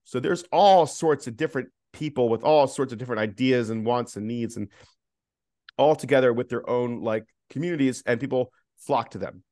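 A man's voice: mid-range voice, moderate pace, mellow, no echo, clean studio sound. A man co-hosting a casual podcast chat, rambling and teasing with many restarts. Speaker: podcast co-host.

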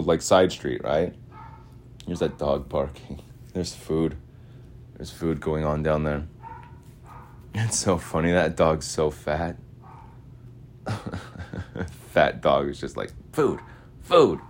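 A man's voice: sits low, darkish tone. A man hosting a podcast in a casual, meandering monologue, slangy and full of filler words. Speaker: podcast host.

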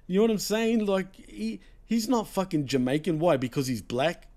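A man in casual podcast chat about wrestling, laid-back, often trailing off with low, mumbled tag words. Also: moderate pace, darkish tone.

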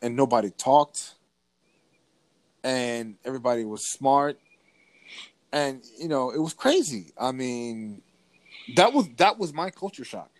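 A man in casual podcast conversation, telling a story with energy and often breaking off to restart his sentences. He has a mid-range male pitch. The recording is dry and close, with no room sound. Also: a little slow, pauses often, no echo. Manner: animated storytelling with frequent restarts. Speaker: podcast co-host.

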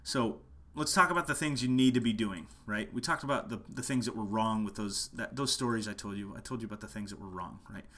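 A man with a lowish voice and a bright, forceful edge talks through a marketing lesson. He is passionate and emphatic, driving each point home by saying it again. It is a casual talk, recorded at home in the late hours. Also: fairly quick, few pauses, a little hiss or hum. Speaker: musician teaching online marketing.

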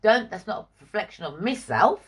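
A woman's voice: medium pitch, very animated, a little fast, breathy edge. A woman giving forthright, emphatic opinions in a casual group discussion. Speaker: guest.

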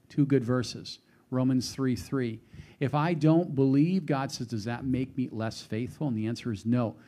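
A man's voice: medium pitch, darkish tone. A man preaching a sermon to a live congregation, quoting scripture and putting questions to his listeners.

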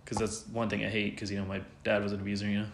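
A man's voice: on the low side, monotone, racing, gravelly, a little hiss or hum. A man speaking candidly as an interview guest, rambling with lots of fillers and some swearing. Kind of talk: candid casual conversation. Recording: roomy echo.

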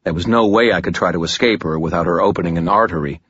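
Deep-voiced male audiobook narrator. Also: fast talker, fairly bright tone, breathy edge, dull audio. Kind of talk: first-person scripted fantasy narration.

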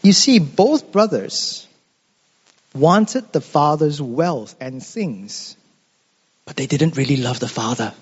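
A male preacher delivers a sermon in a high voice. He speaks slowly and emphatically and builds his points through dramatic repetition. The recording sounds dull, and a long hall reverb hangs after each line. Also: expressive, slightly rough. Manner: emphatic, dramatic repetition, addresses listeners as friends.

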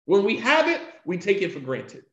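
Male preacher, emphatic and repetitive, high-pitched, dull echoey recording. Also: huge pitch swings, fairly bright tone. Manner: emphatic, repeats key phrases for effect; recites Arabic passages quickly between English explanation. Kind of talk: devotional talk.

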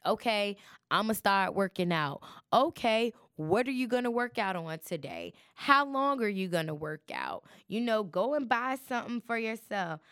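A woman's voice: mid-range voice, sing-song, moderate pace, a bit bright, smooth, dry recording, studio quality. A woman hosting her podcast in a chatty, preachy way, talking straight to her listeners. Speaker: podcast host. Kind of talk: casual chat.

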